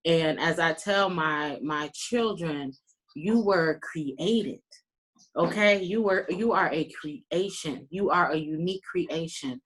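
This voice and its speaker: A woman's voice: deep voice, slow, a bit bright. A talkative, earnest woman giving folksy closing remarks as a panelist on a video call. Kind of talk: round-table closing remarks. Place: virtual meeting.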